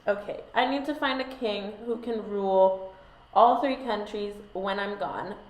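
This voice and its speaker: A woman's voice: mid-range voice, a little slow, a little mellow, roomy sound, lightly acted, poor audio. Woman doing a sassy, unbothered queen. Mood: bossy. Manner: sassy, swearing, dismissive. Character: blunt, unbothered medieval queen, female adult.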